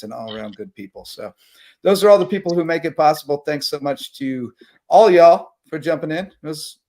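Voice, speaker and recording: Rambling through sponsor shout-outs and game recaps, a sports talk host from the South Carolina Lowcountry runs a late-night stream. He sounds casual and mid-pitched, worn out but still fueled by adrenaline.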